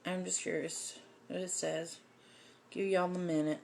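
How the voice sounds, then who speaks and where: A woman's voice: fairly low pitch, flat delivery, measured pace, vocal fry, a little mellow, a little hiss or hum. A woman hosting a casual livestream lesson on folk magic, talking in a chatty way with many "um" fillers. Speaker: host teaching folk magic.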